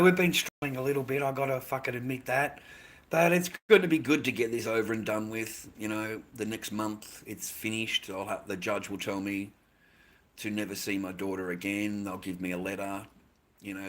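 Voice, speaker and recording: An Australian man chatting casually on a livestream, rambling and swearing constantly, with "mate" in almost every line. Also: fairly low pitch.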